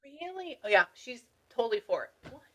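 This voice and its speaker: A woman spiritual medium giving a reading, animated and exclamatory, breaking off to mutter asides. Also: mid-range voice, normal speed. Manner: excited, exclamatory.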